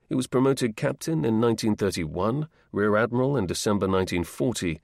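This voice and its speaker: A man narrates an audiobook in a measured, steady manner. His voice sits on the low side and carries a gravelly rasp. The recording is dry and close, with no room sound. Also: dry recording. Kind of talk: scripted narration.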